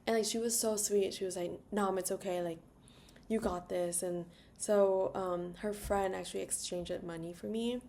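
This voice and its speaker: A young travel vlogger with a medium-pitched, creaky, slightly mellow voice tells a trip story at a moderate pace with fairly even intonation. Her delivery is rambling and chatty, heavy on "like," fillers, and asides, and she sings "la la" to herself. Slight background noise is present.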